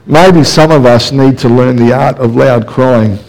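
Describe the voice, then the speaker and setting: A man's voice: medium pitch, a little slow, gravelly, darkish tone, poor audio. A man preaching a passionate, emphatic sermon in church, full of rhetorical questions. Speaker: pastor. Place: church service, also streamed.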